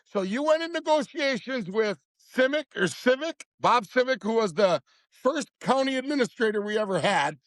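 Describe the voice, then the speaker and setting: A man's voice: very high-pitched, expressive, moderate pace, a bit bright, no room sound. A man in his fifties telling a story as a podcast guest in a blunt, heated, profane way. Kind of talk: casual storytelling chat.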